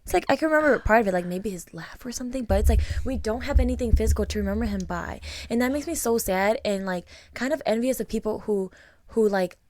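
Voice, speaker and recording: Soft-spoken young woman, dry close sound. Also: fairly high pitch, expressive, quick pace, no room sound. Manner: soft-spoken, reflective, lots of fillers. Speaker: podcast co-host. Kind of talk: casual conversation.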